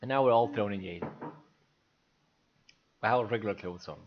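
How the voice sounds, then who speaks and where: A man's voice: lowish voice, normal speed, dull audio, slight background noise. A man casually describing a game playthrough for blind viewers as a streamer, in a chatty way.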